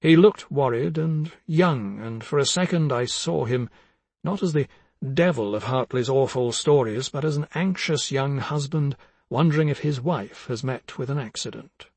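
A man narrating a literary audiobook in a measured, reflective way. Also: mid-range voice, a little mellow, breathy edge, no echo.

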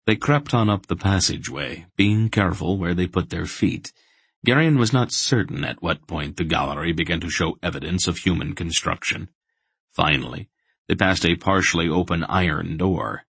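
A man narrating a fantasy audiobook in a steady, measured way. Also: deep voice, gravelly, breathy edge, no room sound.

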